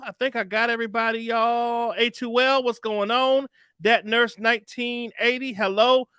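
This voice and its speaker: A man's voice: very high voice, sharp tone, smooth, no room sound, studio quality. A man hosting a casual live stream, chatting with guests and greeting viewers by name in a laid-back, slangy way. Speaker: livestream host.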